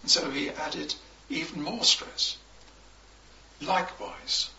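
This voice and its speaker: A man preaching a sermon, slow and emphatic, with measured pauses between phrases. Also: medium pitch, expressive, gravelly, pushed and bright. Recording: echoey, distant, dull recording.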